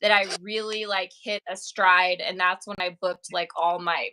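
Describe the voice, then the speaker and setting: A woman's voice: lowish voice, steady tone, moderate pace, bright, forceful tone, a little hiss or hum, poor audio. A woman actress and author chatting in an interview, telling stories in an upbeat way with many fillers. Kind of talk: casual interview chat.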